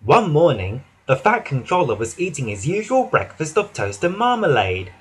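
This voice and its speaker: Animated man reading a children's storybook. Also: on the high side, moderate pace, slightly rough. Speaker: narrator.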